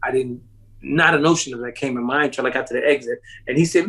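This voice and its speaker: A husky, fast-talking man tells a long, animated story as an interview guest. He laughs often and acts out the people in it, his pitch rising sharply on their quoted lines, and the recording is rough.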